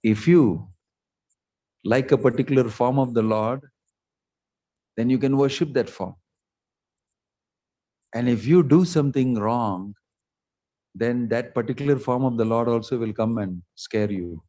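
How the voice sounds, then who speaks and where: A man's voice: mid-range voice, a little slow, long pauses, warm tone. A man giving a sermon as a monk, telling stories with voiced quotes and jokes, in a dull lo-fi recording. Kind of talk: sermon storytelling.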